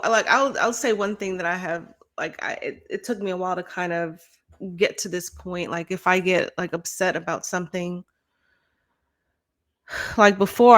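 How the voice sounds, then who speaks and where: A woman with a lowish, somewhat bright voice co-hosts a podcast in frank, casual conversation. She laughs a lot, swears freely and acts out her own angry outbursts.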